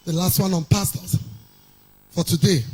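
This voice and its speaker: Husky Nigerian woman preaching sing-song. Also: lowish voice, fairly even intonation, normal speed, warm tone, poor audio. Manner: sing-song preaching cadence, reads scripture aloud. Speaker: pastor. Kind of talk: sermon.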